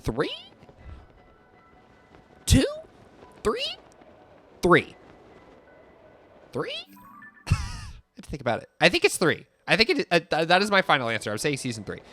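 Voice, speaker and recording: A man's voice: a little high, moderate pace, pauses often, soft background music. A young man chatting casually and giggling while he streams a game. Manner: animated, giggly and rambling. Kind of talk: casual chat while gaming.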